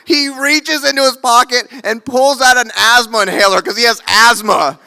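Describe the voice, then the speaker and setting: A man in his thirties telling a funny story on a theater stage, animated and quick to land each beat. His voice sits high and very bright, with a gravelly fry at the ends of phrases.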